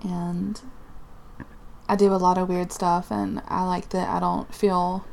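A woman's voice: on the low side, little pitch movement, slow pace, vocal fry, a little mellow. A woman with a Southern American accent, a guest in a casual chat, bashful and laughing easily.

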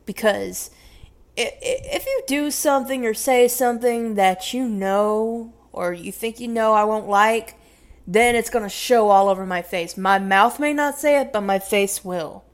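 A woman's voice: fairly high pitch, unhurried. A young woman with a Southern US accent, chatting casually as she answers question prompts, rambling, correcting herself and laughing, sometimes dropping to a whisper. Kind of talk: casual chat.

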